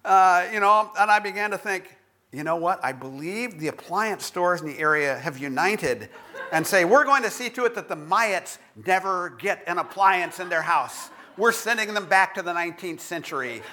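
A male pastor preaching a sermon that tells a personal story in an animated way and closes in a hushed prayer. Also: high voice, moderate pace, slight background noise.

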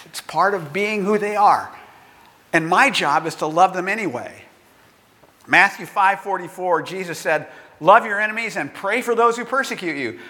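An older man preaching a sermon in an earnest, conversational way, acting out quotes with lively energy. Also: sits high, moderate pace, big-room sound. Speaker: pastor.

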